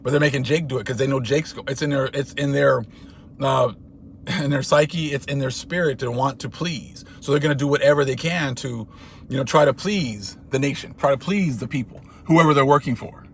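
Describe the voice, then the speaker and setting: A man talking in a casual commentary monologue, animated and laughing as he acts out little skits. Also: medium pitch, fairly quick, a little hiss or hum. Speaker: channel host.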